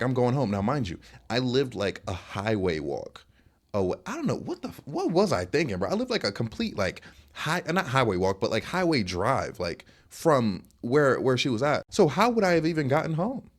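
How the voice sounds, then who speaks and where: A man's voice: mid-range voice, normal speed. A young man hosting a podcast, telling his own dating stories in a rambling, casual way with lots of fillers. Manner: rambling, animated, many fillers. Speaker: podcast host. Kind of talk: casual storytelling.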